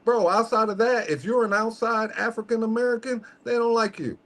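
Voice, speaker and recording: Male host with a high voice, casual and slangy, emphatic, fond of rhetorical check-ins. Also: steady tone, a little fast, fairly bright tone. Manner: emphatic, peppers points with "okay?"; slangy, conversational. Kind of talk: casual podcast chat.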